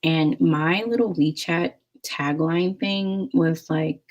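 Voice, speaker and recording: A woman's voice: low voice, steady tone, slow pace, a little mellow, lo-fi sound. A young woman vlogger telling a dating story in a chatty, rambling way, full of "like". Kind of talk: casual storytelling.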